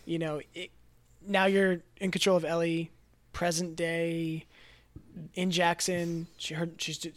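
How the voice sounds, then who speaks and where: High-voiced man in casual podcast chat. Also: a little slow. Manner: animated, laughs often, restarts sentences. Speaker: podcast co-host. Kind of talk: casual chat about a video game.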